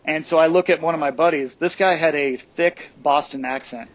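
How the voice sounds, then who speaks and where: A man with a fairly high voice tells a casual story on a podcast. He talks in a chatty way and keeps checking in with "right?". The sound is dull and lo-fi. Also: moderate pace. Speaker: guest.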